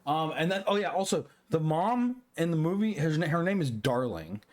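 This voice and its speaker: A man's voice: a little high, big pitch swings, normal speed, darkish tone. A young man, a little drunk, rambling through a casual review of a cartoon film, swearing often and restarting his sentences. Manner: rambling, profane, many restarts and fillers. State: tipsy.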